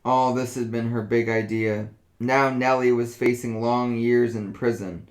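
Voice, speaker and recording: A man narrating a story aloud in a relaxed, casual reading voice. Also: medium pitch, measured pace, rough recording.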